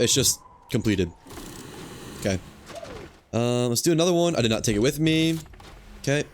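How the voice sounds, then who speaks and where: A man's voice: medium pitch, a little hiss or hum. A man streaming a video game, casually talking himself through what he is doing on screen, muttering and thinking aloud. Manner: relaxed, muttering to himself while playing. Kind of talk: casual gameplay commentary.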